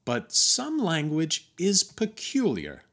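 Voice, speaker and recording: An American man hosting a podcast, reading scripted narration in a measured, wry, emphatic way. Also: on the high side, wildly swooping pitch, fairly bright tone. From United States. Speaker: podcast host.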